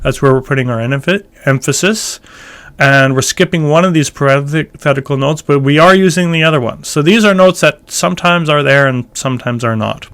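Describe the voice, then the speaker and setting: Male chant teacher, casual explainer, smooth resonant tone, slightly high voice, sings short examples. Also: a little fast, a bit bright. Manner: explains thoughtfully, breaks into chanted phrases. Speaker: church music teacher. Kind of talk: casual instructional talk with sung examples.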